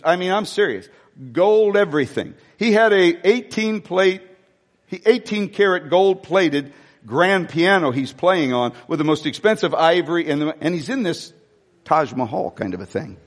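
A man preaching a sermon, telling stories in an animated, conversational way. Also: fairly high pitch, long reverb tail. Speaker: pastor.

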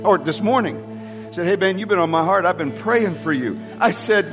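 A pastor preaching a live sermon to his congregation, exuberant and prone to shouting, with joking asides between the preaching. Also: high voice, expressive, moderate pace, big-room sound. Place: church sanctuary before a congregation. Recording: music audible under voice.

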